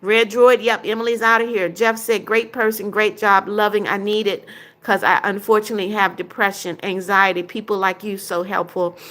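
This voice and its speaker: An older woman hosts a casual livestream, reading viewers' comments aloud one after another. She answers each one briefly in her own everyday voice, at a middling pitch. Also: little pitch movement, normal speed, a bit bright. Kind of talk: casual live chat.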